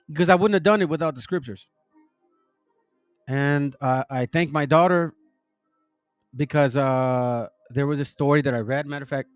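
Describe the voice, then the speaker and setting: A man's voice: medium pitch, no echo. A middle-aged man talking casually and rambling to his online audience, using slang, calling them bro and family, and acting out the people in his stories. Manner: retells stories acting out each character. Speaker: online religious commentator.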